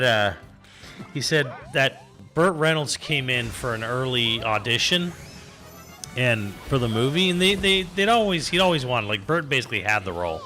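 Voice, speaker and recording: Bright-voiced man rambling through a story. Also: mid-range voice. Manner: rambling, animated storyteller with frequent restarts and swearing. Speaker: co-host of a gaming stream. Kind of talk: casual chat on a live stream.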